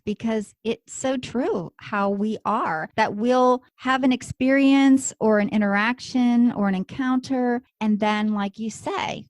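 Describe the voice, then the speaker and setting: A woman hosting a talk show speaks in an affirming, enthusiastic way and cheers her guest on. Her voice is at a middle pitch. The recording is dry and close, with no room sound. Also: darkish tone, no room sound. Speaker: podcast host. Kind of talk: casual interview conversation.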